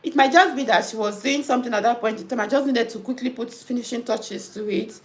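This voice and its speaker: Young Nigerian woman, high voice, animated casual storyteller. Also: fast. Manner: animated storytelling, mixing in pidgin. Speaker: nurse and host. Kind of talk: casual chat reading comments.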